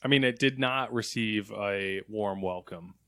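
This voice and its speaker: A man's voice: on the low side, unhurried, sharp tone, no room sound. A man co-hosting a gaming news show, reading stories and trading easygoing banter.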